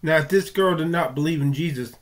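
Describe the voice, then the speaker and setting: A man hosting his video talks straight at the viewer in a confrontational, preaching way. His voice is a bit higher than usual for a man. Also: a little fast, slight background noise. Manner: confrontational, addresses viewer directly. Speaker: video host. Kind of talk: preaching commentary.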